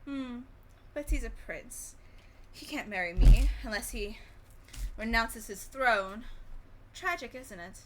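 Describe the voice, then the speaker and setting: A woman's voice: a little high, slow, pauses often, background noise. A woman voicing a haughty older aunt, quoting her in a breezy, dismissive way.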